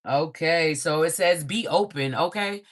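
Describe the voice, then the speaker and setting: A man giving a livestream tarot reading to his viewers in a loose, profane, animated way, laughing often and ending many lines with "okay?". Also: fairly high pitch, a little slow. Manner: profane, frequent "okay?" check-ins. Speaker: tarot reader.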